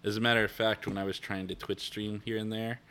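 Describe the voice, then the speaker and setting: A man co-hosting a podcast in relaxed, halting casual chat. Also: lowish voice, clean tone. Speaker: podcast co-host. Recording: faint background noise.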